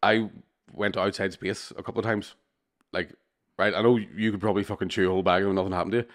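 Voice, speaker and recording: A man's voice: low-pitched, steady tone, fast. A man telling sweary, laughing stories as a podcast co-host in casual chat.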